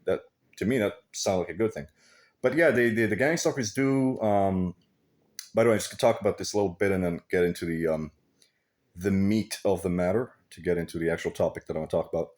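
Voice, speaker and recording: A man's voice: fairly low pitch, a little mellow. A man talking in a casual, rambling vlog monologue, swearing freely and laughing often. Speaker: vlogger.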